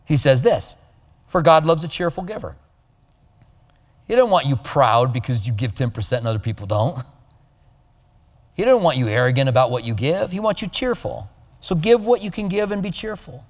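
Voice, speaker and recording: Guy preaching, kinda high voice, lively, big echoey hall sound. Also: normal speed, pauses often. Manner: animated, mimics voices of others. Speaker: pastor. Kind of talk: conversational sermon.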